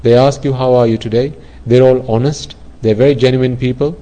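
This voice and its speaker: A man with a warm, mellow voice gives an earnest Buddhist dharma talk. He explains his points with everyday examples, restarting and repeating phrases as he goes. His pitch sits at an ordinary middle level for a man. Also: steady tone, fairly quick, low-quality recording. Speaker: Buddhist teacher.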